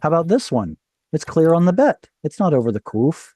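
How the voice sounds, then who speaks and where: A man's voice: fairly high pitch, sing-song, a little fast, dark tone, slightly rough, no room sound. A man teaching a Hebrew reading class over a video call, explaining patiently, quizzing his students and correcting himself as he goes.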